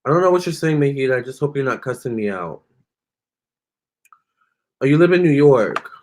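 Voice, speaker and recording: A man's voice: medium pitch, animated, normal speed, a little mellow. A man doing a tarot reading on a live stream, answering viewer comments in a chatty, sassy way and calling them honey and girl. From Virginia. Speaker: tarot reader.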